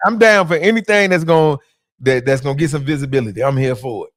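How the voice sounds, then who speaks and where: A man's voice: on the high side, fast talker, no room sound, clean studio sound. A man speaking as a comedian guest on a podcast, laid-back and joking, with lots of fillers and restarts. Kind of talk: casual podcast chat.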